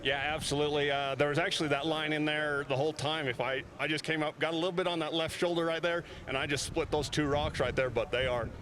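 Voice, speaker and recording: A man out of breath on a snowy summit, speaking rapidly in a slightly raised voice. Engines and wind noise sit clearly behind him outdoors. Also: a little high. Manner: fast, excited, grateful talk. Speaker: racer interviewed at the summit. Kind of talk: breathless post-run interview.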